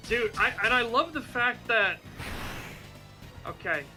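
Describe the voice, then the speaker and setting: High-voiced male streamer, laughing. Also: slow. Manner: excitable, laughs often, swears casually. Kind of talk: casual stream chat. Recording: game music playing behind.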